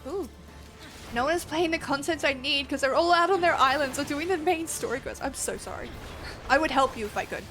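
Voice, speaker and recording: Australian woman streamer, chatty and foul-mouthed, pitched a bit high, soft background music. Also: a little fast, poor audio. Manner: chatty, rambling, swears freely. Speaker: game streamer. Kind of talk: casual livestream chat.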